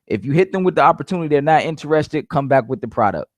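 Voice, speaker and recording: A man's voice: fairly high pitch, lively intonation, fast, no echo. A man giving casual sales coaching, repeating his points emphatically and calling his listeners "guys". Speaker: network marketing coach.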